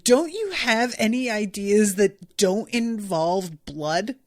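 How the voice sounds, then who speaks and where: A woman's voice: medium pitch, animated, slow, darkish tone, no echo, clean studio sound. A woman voicing a nervous young male sharpshooter who complains in disbelief. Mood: exasperated.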